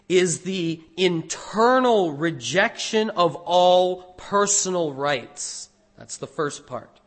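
A man, a pastor, preaching a sermon in an earnest, deliberate way, stressing key phrases. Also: on the high side, a bit bright.

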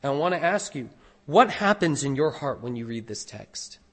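A man delivering a sermon from the pulpit, earnest and deliberate. He tells his story in a measured way and leans hard into key phrases. His voice sits at an everyday middle pitch. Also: big pitch swings. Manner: earnest, deliberate preaching with emphatic rises. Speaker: pastor.

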